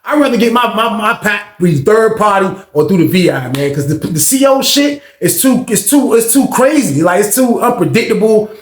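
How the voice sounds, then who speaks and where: A man telling a story casually, animated and slangy, with lots of profanity and fillers. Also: high-pitched, moderate pace, few pauses. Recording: roomy echo.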